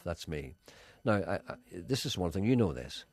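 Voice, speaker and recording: A man's voice: low voice, moderate pace, dry recording. A man with a Northern Irish accent, presenting a radio show in casual, bantering chat. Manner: animated, bantering.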